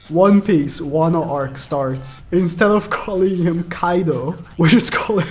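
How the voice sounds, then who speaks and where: A man's voice: fairly high pitch, takes it slowly, soft background music. A man giving casual gameplay commentary as a gaming YouTuber, chatty and rambling, laughing often and ranting.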